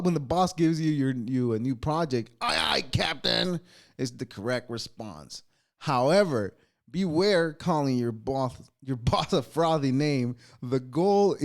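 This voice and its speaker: A man's voice: on the high side, animated, measured pace, darkish tone. A man hosting a solo podcast, reading ad and holiday copy aloud, stumbling over words, laughing at himself and swearing offhand. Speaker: podcast host.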